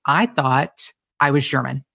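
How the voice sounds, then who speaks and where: A woman's voice: a bass voice, a little slow, creaky, slightly rough, no echo, lo-fi sound. A middle-aged woman from the Cincinnati area, talking candidly and animatedly as a guest in a casual conversation. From Cincinnati area, Ohio. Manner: candid, animated storyteller who curses freely.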